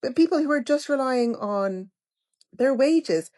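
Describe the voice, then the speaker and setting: A woman's voice: high-pitched, animated, a little slow, darkish tone. A woman ranting to camera, exasperated, then pushing viewers to start side businesses. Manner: exasperated, then pushy and salesy. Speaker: online business influencer. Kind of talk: vlog rant to camera.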